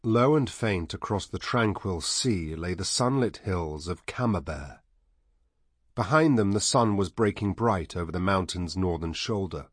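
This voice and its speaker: A man reading a novel aloud as narrator, measured and even. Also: low-pitched, slightly rough, no room sound, clean studio sound. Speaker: audiobook narrator. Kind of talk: scripted narration.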